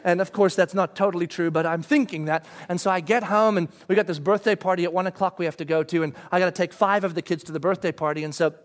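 Brief: middle-aged man, very high voice, lively storyteller who acts out shouted quotes. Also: fast, few pauses. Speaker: father telling a family story. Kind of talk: storytelling talk to an audience.

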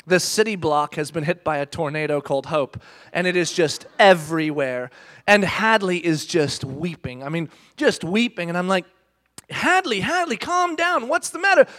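A man in his thirties giving an animated storytelling sermon, self-mocking and talking straight to the audience. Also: on the high side, moderate pace. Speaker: speaker.

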